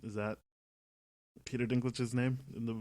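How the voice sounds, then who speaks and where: A man co-hosting a film podcast in casual chat, relaxed, quoting movie lines as he talks. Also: medium pitch, normal speed, no echo. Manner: relaxed, quotes movie lines, laughs between points. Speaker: podcast co-host.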